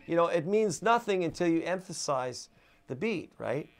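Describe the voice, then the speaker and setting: A man with a somewhat high voice talks through a guitar lesson in an easygoing, chatty way. He counts the beats out loud as he plays. His guitar strumming rings out clearly behind his words. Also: animated, normal speed. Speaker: guitar teacher. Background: acoustic guitar strumming.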